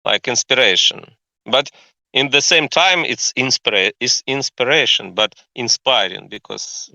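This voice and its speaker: Guy on a voice call explaining stuff, really bright sharp voice, dry close sound. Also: medium pitch, a little slow, vocal fry, no echo, poor audio. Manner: explaining patiently, restarts mid-word. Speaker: book club member. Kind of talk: casual chat. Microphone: online voice call.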